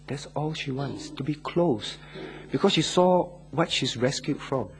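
A man preaching a sermon and leading a closing prayer, earnest, swinging from loud stressed words to hushed lines and drawing key words out slowly. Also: fairly high pitch, animated, slight background noise.

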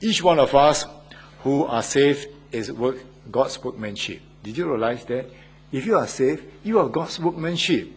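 A man's voice: mid-range voice, lively intonation, measured pace, breathy edge. An older man, a church elder, preaching an earnest sermon and asking his listeners questions. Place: Australia.

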